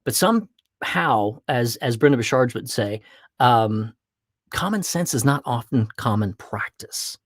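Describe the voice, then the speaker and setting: A man hosting a podcast, giving an animated motivational talk and slipping into acted voices for quick examples. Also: mid-range voice, no echo, clean studio sound. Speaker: podcast host.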